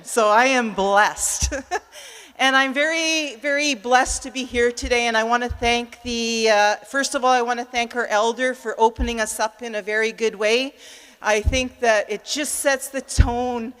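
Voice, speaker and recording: An older woman from Manitoba, Canada, presenting at a conference and projecting her voice loudly as she tells her personal story. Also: a little high, clear, resonant tone. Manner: loud and warm, openly projecting. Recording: reverberant hall.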